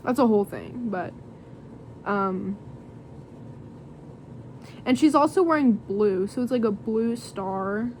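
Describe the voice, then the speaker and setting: A woman's voice: medium pitch, slow pace, long pauses, darkish tone, slight background noise. A young woman doing a casual tarot reading to camera, rambling and giggly with lots of fillers. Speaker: tarot reader.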